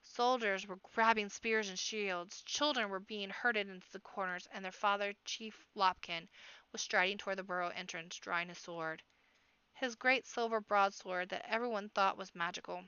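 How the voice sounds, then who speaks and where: A woman reading a children's fantasy book aloud in an expressive amateur audiobook narration, now and then correcting herself. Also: mid-range voice, moderate pace, clear, resonant tone, dry recording, muffled recording. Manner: expressive reading with character voices and occasional self-corrections. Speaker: audiobook reader.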